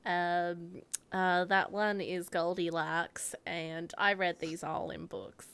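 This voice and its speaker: A woman co-hosting a casual group podcast chat, playful and quick to laugh. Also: on the low side, level tone, vocal fry, a bit bright, smooth. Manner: giggly, playful, laughs often. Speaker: podcast co-host.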